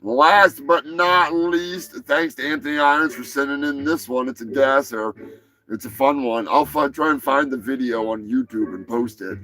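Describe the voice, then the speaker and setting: A man hosting a live comedy show, rattling off odd news stories with lots of swearing and sudden shouted bits. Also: mid-range voice, normal speed, rough recording. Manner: profane, rowdy, breaks into shouting bits. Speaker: show host.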